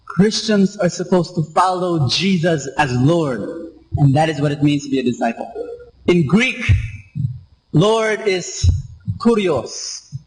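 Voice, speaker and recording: A man's voice: a little high, lively intonation, takes it slowly, long pauses, poor audio. A man preaching a sermon, emphatic and repetitive, asking the congregation rhetorical questions. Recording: radio live stream.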